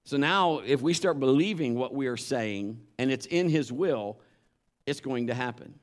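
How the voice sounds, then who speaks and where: A man's voice: mid-range voice, animated, normal speed. A man preaching a conversational sermon, earnest and emphatic, weaving scripture together with stories from his own life. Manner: earnest, emphatic, mixes scripture with personal anecdotes.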